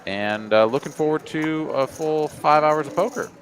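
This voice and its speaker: A man's voice: a little high, normal speed. A man, commentating a live poker cash game in a laid-back, drawling way with frequent fillers.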